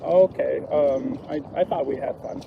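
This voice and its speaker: This guest comic on the walking livestream has a fairly high, creaky voice at a moderate pace, rambling through jokes with lots of fillers as he chats casually outdoors. The audio is narrow and tinny, with noisy street sound around him.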